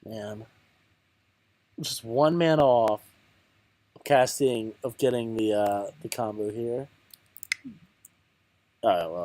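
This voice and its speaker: A man's voice: on the low side, slow, long pauses, mellow, a little hiss or hum. A man giving casual, rambling commentary on his card game, muttering to himself, counting aloud and mocking his own bad luck. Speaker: channel host playing a card game.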